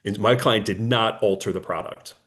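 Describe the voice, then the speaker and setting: A man's voice: lowish voice, normal speed, fairly bright tone. A man, an attorney, giving a conversational business webinar, telling client stories and acting out their dialogue with frequent fillers. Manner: anecdotal, acts out client dialogue, many fillers.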